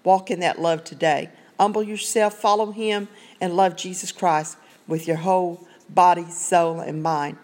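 A woman's voice: on the low side, steady tone, a little slow, few pauses, darkish tone. Woman lay preacher, earnest, chatty devotional delivery, self-recorded. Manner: earnest, conversational, rambling with many asides. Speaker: online preacher. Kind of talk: informal Bible devotional.

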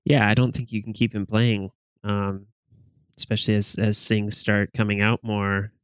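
A man co-hosting a podcast, giving halting opinions on football with many restarts. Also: fairly low pitch, clean tone, no echo. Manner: halting, restarts often, flat delivery. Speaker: podcast co-host. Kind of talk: casual sports chat.

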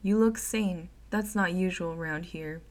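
A woman's voice: fairly low pitch, unhurried, darkish tone, close to an everyday voice. A woman voicing a grumpy monstrous head-creature. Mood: judgmental. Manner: annoyed, judgmental. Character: grumpy reclusive male head-creature eye collector.

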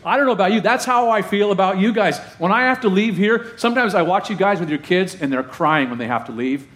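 A man's voice: high-pitched, lively intonation, fast, hardly any pauses, a bit bright. A middle-aged male pastor preaching a sermon in a conversational way, often asking the congregation questions.

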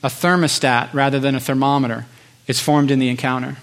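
A man preaching a sermon to his congregation, impassioned, building through repeated phrases with pauses. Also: medium pitch, level tone. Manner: impassioned, rhetorical repetition with pauses. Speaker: pastor.

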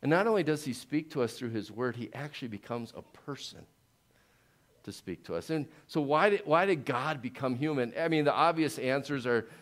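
A male pastor preaching a sermon, dropping to slow hushed lines and building to loud rising peaks. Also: mid-range voice, lively intonation. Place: church.

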